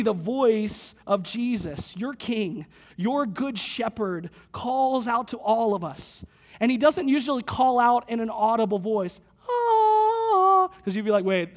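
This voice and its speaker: A man preaching a lively sermon in a church, slightly husky today, retelling a movie scene with quoted voices before leading a prayer. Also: sits high. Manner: lively storytelling, quotes characters, prays aloud. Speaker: pastor.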